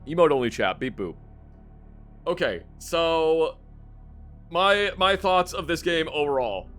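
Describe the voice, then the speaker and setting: A man's voice: a little high, expressive, a little slow, fairly bright tone, faint music behind. A man streaming live, rambling casually about a game he just finished, with lots of fillers and the odd curse.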